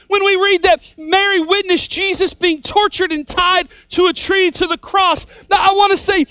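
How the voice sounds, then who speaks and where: A woman preaching a sermon, repeating a refrain with rising emphasis and sometimes shouting. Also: extremely high pitch, steady tone, moderate pace, hardly any pauses, no room sound.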